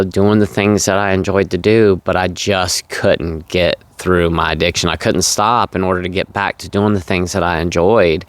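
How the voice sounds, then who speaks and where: A man's voice: deep voice, gravelly, fairly bright tone, dry recording. A man vlogging candidly about his own past, earnest and confessional, repeating words for emphasis. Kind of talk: confessional personal storytelling.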